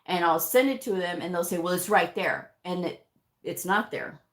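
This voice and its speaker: A woman's voice: on the low side, normal speed. A middle-aged woman, a medical coder, chatting casually on a live stream and answering viewer questions in an emphatic, talkative way. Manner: chatty and emphatic, with frequent "you know"s and laughs.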